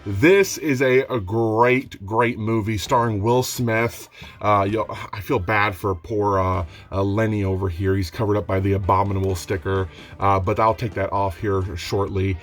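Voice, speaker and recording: A young man talking casually in a home vlog, rambling and self-mocking, getting excitable as he shows off his finds. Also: fairly low pitch, normal speed. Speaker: DVD collector vlogger. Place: home room.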